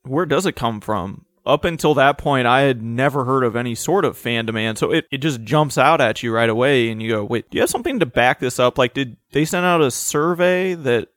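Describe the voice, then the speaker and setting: A man's voice: medium pitch, moderate pace, few pauses, fairly bright tone, no echo, clean studio sound. A man co-hosting a podcast, reasoning through his theories in casual talk. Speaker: podcast co-host. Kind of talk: casual chat.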